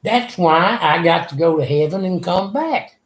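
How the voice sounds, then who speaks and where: A man's voice: high voice, lively intonation, a little slow. An older man, earnestly telling a rambling personal story in an interview. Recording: echoey room.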